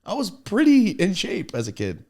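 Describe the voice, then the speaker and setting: A man's voice: high voice, moderate pace. A man hosting a podcast, telling loose, profane stories in a casual chat and acting out what people said. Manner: loose, profane, animated storytelling with acted-out quotes. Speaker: podcast host.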